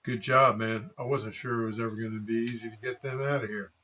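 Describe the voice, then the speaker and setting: A man voicing an excitable young rural man with a folksy drawl, eager and loud, in an audiobook reading. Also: medium pitch, a little fast, faint music behind. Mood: excited.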